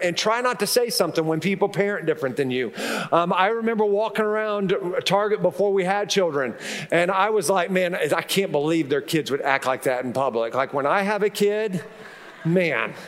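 High-voiced man preaching with humor. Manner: conversational, repetitive restarts, humorous asides. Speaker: pastor. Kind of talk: sermon. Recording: long reverb in a large hall.

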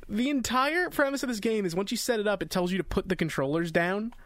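A man co-hosting a podcast in casual chat, animated, swearing and laughing as he acts out what he quotes. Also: high voice, fast, hardly any pauses, dry recording, clean studio sound. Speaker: podcast co-host.

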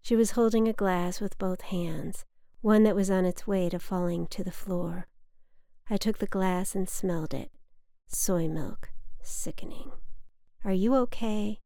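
Young woman reading her own memoir, hushed and half-whispered, with creaky fry, in a dry, close-miked sound. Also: fairly low pitch, fairly even intonation, unhurried, no room sound. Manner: hushed, often whispered, intimate. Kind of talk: reading a personal essay aloud.

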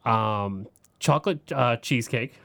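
A man's voice: medium pitch, unhurried, gravelly, sharp tone, no room sound, clean studio sound. A man co-hosting a casual podcast, adding details and corrections to an episode recap. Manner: chatty, adds details and corrections. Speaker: podcast co-host.

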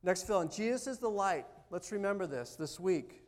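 A man preaching a sermon as pastor, animated, swinging from loud urging to soft, quiet asides. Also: high voice, normal speed, hardly any pauses.

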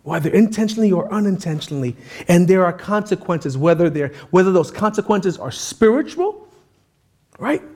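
A man's voice: sits high, lively intonation, normal speed, a little mellow. A man preaching a sermon as pastor, in a casual, conversational style with frequent asides.

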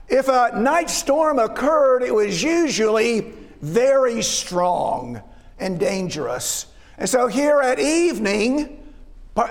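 A man preaching a sermon as pastor, in a conversational, folksy way with chuckling asides. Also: very high-pitched. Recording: long hall reverb.

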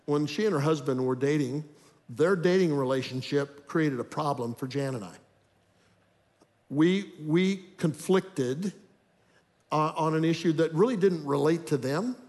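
A man's voice: on the high side, darkish tone. Older man preaching in a reverberant hall. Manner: earnest, acts out inner thoughts in story. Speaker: preacher on marriage. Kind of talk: sermon storytelling. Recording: long reverb of a large hall.

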